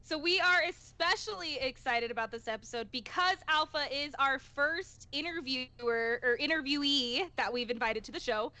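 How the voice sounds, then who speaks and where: Bright, high-voiced woman hosting. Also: moderate pace, few pauses. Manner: welcoming, conversational questions. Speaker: podcast host. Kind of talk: introducing a guest on a podcast.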